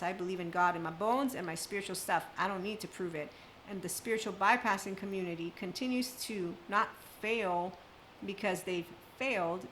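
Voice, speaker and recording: A woman's voice: mid-range voice, fairly bright tone, a little hiss or hum, rough recording. A woman speaking as a spiritual self-help speaker, talking emphatically in long run-on sentences in an unscripted monologue.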